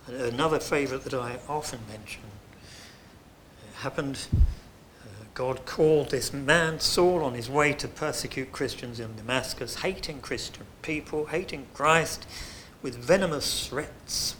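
A man preaching a sermon in an earnest way, dropping to soft, hushed phrases and then rising to loud, emphatic lines. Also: mid-range voice, unhurried, a little hiss or hum.

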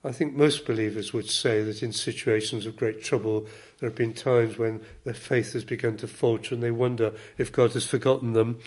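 Male preacher, mid-pitched voice, earnest and measured sermon delivery with gentle emphasis. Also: steady tone.

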